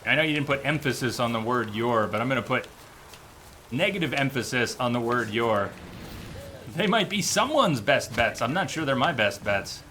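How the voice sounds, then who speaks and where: A man streaming a game, thinking aloud in casual commentary with sudden loud outbursts. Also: medium pitch, animated, normal speed. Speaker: gameplay streamer.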